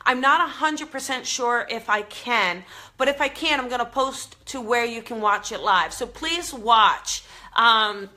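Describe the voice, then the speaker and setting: A woman with a New Jersey accent hosts a casual live-streamed talk, chatty and earnest. Her voice sits a little high and sounds bright and forward. She talks with plenty of fillers and restarts. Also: moderate pace. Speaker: spiritual show host. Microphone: live stream camera mic.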